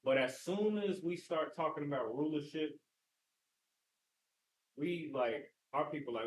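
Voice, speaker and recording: A man's voice: fairly high pitch, unhurried, long pauses, a little hiss or hum. A man co-hosting a casual scripture discussion, loose and conversational with filler phrases, who also reads verses aloud. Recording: echoey room, off-mic.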